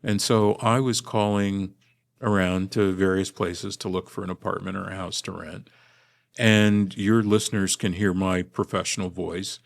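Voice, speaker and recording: A man from Los Angeles, a visiting linguistics professor, telling his story in a measured, articulate podcast interview. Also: low voice, vocal fry. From Los Angeles, USA. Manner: measured, articulate academic delivery.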